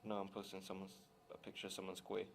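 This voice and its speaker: A man's voice: sits low, monotone, quick pace, vocal fry. A young man co-hosting a podcast in casual chat, with dry, teasing banter. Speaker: podcast co-host. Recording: faint background noise.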